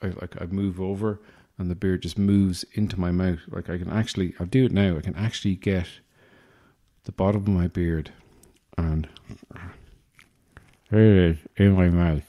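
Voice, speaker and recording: A man's voice: sits low, steady tone, a little fast, dark tone. An Irish man hosting a podcast, delivering a rambling, self-deprecating comic monologue with a wry manner. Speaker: podcast host.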